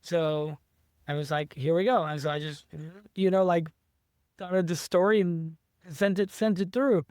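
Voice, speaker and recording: Eager high-voiced man rambling with restarts. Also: steady tone, unhurried, darkish tone, clean tone, no room sound, studio quality. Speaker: author being interviewed. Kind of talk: casual interview chat.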